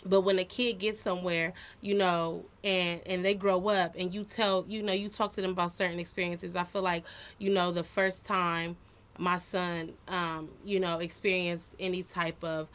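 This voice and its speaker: A woman's voice: fairly low pitch, level tone, normal speed, a bit bright. A woman in her thirties, a podcast co-host sharing personal stories in an earnest, reflective, conversational way.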